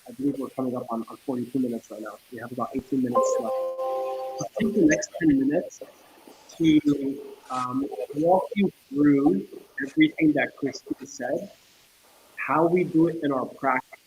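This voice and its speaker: A man's voice: mid-range voice, moderate pace, darkish tone, slight background noise, rough recording. A man hosting a webinar who thanks the speaker and moves the session along, friendly with some fillers. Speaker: webinar host.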